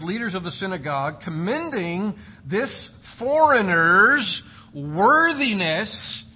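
Bright, high-voiced male preacher. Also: slight background noise. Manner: emphatic, repeats key words. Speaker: pastor. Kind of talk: expository sermon.

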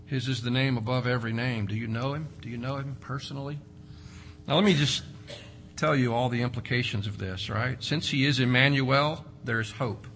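A man preaching a sermon, slowing and swelling for emphasis and telling folksy family stories. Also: mid-range voice, steady tone, a bit bright, slight background noise. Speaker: pastor.

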